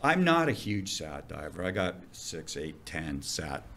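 A middle-aged man tells a story in a casual interview, his pitch leaping up and down. He swears freely and talks in a lively, colorful way, like a diving instructor recalling old jobs. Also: a little slow, vocal fry, slight background noise. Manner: animated, profane, vivid storyteller.

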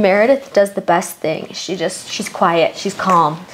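A woman's voice: lowish voice, measured pace. A woman giving an opinionated, casual gossip recap of a reality show, chatty and swearing freely. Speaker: recap vlogger.

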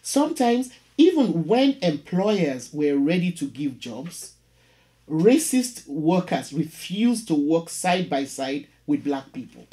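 A man narrates a history lesson and reads poetry at an unhurried pace. His pitch moves a lot, and he leaves measured pauses between phrases. Now and then he stumbles over a word and restarts. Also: big pitch swings, warm tone. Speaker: host of an educational history channel.

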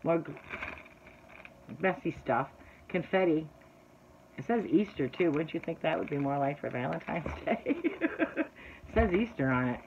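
A woman's voice: low voice, sing-song, moderate pace, a little mellow. A woman vlogger rambles casually through an unboxing haul and talks straight to her viewers. She sometimes turns to exasperated complaining about her audience. The recording sounds slightly dull and lo-fi, with a faint hiss underneath. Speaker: craft vlogger and shop owner. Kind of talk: chatty unboxing haul video.

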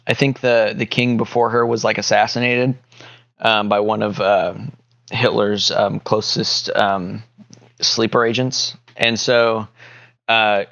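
A man co-hosting a casual podcast, rambling through a mock conspiracy theory with a deadpan tone and lots of fillers. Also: on the low side, takes it slowly, muffled recording. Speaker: podcast co-host. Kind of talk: casual joking chat.

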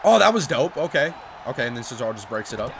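A young man giving loud, excitable let's-play commentary, swearing and shouting at the game. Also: medium pitch, fast, gravelly, a little hiss or hum. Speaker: gaming commentator.

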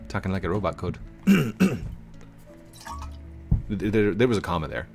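A man giving chatty live commentary while playing an online game, talking to other players and getting excited when he finds someone. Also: on the low side, takes it slowly, pauses often, faint music behind. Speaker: gaming YouTuber.

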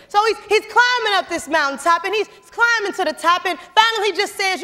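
A young woman giving an animated motivational speech in a church, calling out to the audience as she tells stories. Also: extremely high pitch, brisk, hardly any pauses. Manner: animated, calls to the audience, storytelling. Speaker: motivational speaker. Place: church sanctuary. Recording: long church hall reverb.

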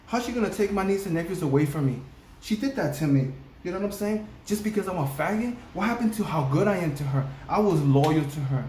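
Man, slightly high voice, near tears, raw and repetitive; roomy echo. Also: animated, fast, darkish tone. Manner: raw, heartfelt, repeats himself for emphasis. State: on the verge of tears. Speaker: reaction video co-host. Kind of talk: emotional casual reaction talk. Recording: roomy echo, faint background noise.

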